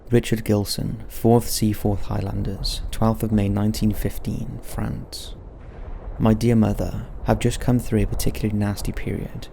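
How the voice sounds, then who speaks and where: A man giving solemn scripted narration of wartime letters, slow and grave in manner, with soft music underneath. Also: on the low side, level tone, vocal fry, a little hiss or hum. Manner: slow, grave, measured delivery.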